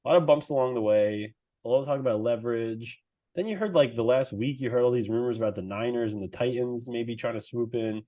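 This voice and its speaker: A young man co-hosting a sports podcast, excitable and swearing, laughing often as he talks. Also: medium pitch, fairly quick. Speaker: podcast co-host.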